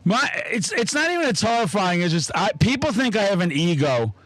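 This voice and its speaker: Host, male, 30s, high voice, dry close sound, swears freely while telling stories. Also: a little fast, dry recording, rough recording. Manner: profane, animated storyteller. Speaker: podcast host. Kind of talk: casual chat, storytelling.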